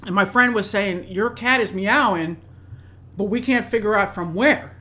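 A woman's voice: medium pitch, normal speed, pushed and bright. A woman co-hosting a podcast in casual chat, teasing and laughing often. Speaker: podcast co-host.

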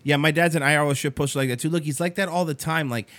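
A man hosting a radio show, telling stories in a casual, animated, mocking way. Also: a little high, fast. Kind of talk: casual on-air storytelling. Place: radio studio.

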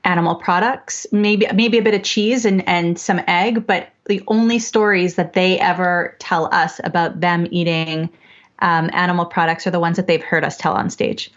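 A woman, probably in her thirties, is a guest on a podcast and tells family stories in an animated way, acting out her kids' voices. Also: fairly low pitch, normal speed, lo-fi sound. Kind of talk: casual interview chat.

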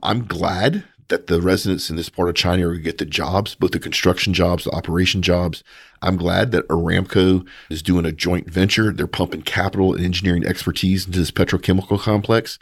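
Male podcast host, lowish voice, punchy and opinionated, dry close sound. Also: a little fast, creaky, breathy edge, no echo. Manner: opinionated, animated, mocking asides. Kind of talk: casual news commentary.

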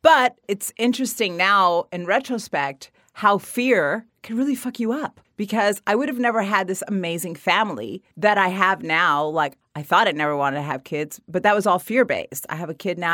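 A middle-aged woman telling a personal story in casual conversation, acting out the dialogue with lively shifts. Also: on the low side, no echo, studio quality. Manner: animated, acts out quoted dialogue.

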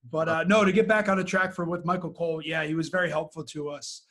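A man's voice: fairly high pitch, fairly even intonation, quick pace, fairly bright tone. A man, a guest and former Marine, speaking frankly in a casual interview and quoting people as he tells his story. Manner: frank, plain-spoken, quotes others in his story.

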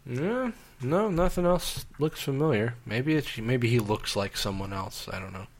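A man's voice: mid-range voice, animated, a little slow. A man co-hosting a film review podcast, talking casually and often trailing off mid-thought. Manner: hesitant, restarts and trails off. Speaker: podcast co-host reviewing films. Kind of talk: casual chat.

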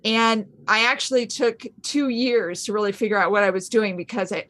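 A middle-aged woman, a homeschooling mother on a podcast, telling stories in an animated, casual way. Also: medium pitch, normal speed. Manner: animated storytelling, acts out her own past thoughts. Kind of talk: casual conversational chat.

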